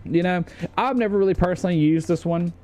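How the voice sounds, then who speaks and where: A man's voice: high voice, fast, a little mellow. A young man streaming, chatting casually in a jokey, profane way.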